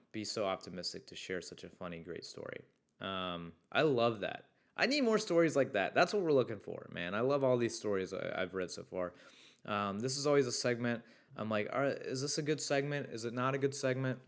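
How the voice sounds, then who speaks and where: A young man hosting a podcast in a casual, chatty way, reading listener stories aloud and riffing on them with excitable, swear-laden enthusiasm. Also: fairly low pitch. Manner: excitable, swears freely, riffs loudly on stories. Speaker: podcast host.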